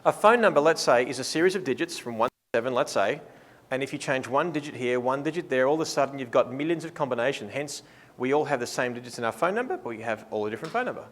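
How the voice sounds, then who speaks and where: A man leading a live workshop, playful and lively, acting out what his listeners think. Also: mid-range voice, fast. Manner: lively, playful, acts out clients' thoughts. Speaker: workshop presenter. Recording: reverberant hall sound.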